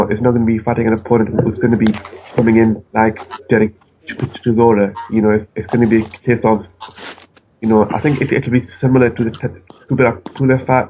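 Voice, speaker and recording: A man calling in by phone from home, chatting casually about boxing with halting, stammering restarts. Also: medium pitch, dark tone. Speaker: phone-in caller. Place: at home with the television on. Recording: tinny phone line with faint noise.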